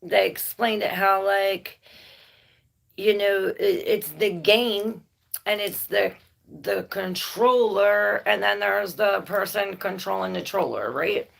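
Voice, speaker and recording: A woman's voice: mid-range voice, slow, vocal fry. A woman giving a casual, rambling tarot reading, thinking aloud and laughing and swearing now and then. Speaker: tarot reader.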